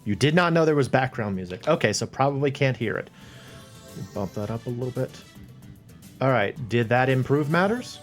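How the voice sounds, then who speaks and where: A man's voice: mid-range voice, lively intonation, moderate pace. A man hosting a live stream while he paints a model, thinking aloud, rambling and chuckling to himself as he talks to his viewers. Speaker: livestream host painting a model. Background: faint background music.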